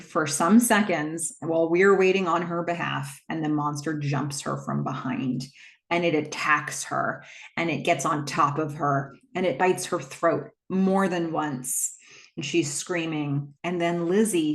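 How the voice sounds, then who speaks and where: Picture a woman with a notably low voice, talking through a movie plot step by step in a relaxed, unscripted way. She strings scenes together with "and then", and now and then drops in an "um" as she goes. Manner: retells scenes step by step with fillers. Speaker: movie recap host. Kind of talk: casual plot recap.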